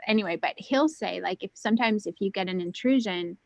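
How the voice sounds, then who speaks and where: A woman chatting as a guest on a video call, rambling with lots of "like" and "um" and at times dropping her voice to a hush. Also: medium pitch, a little fast, creaky, no room sound, poor audio. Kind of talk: casual video call chat.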